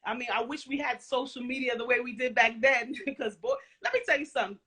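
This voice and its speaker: A woman with a somewhat high, bright voice tells lively stories in a casual interview. She laughs easily and talks in casual slang, with lots of energy in her delivery. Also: quick pace, breathy edge. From Caribbean and Central American family background. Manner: animated storytelling, laughs often, casual slang. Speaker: guest, former music video dancer.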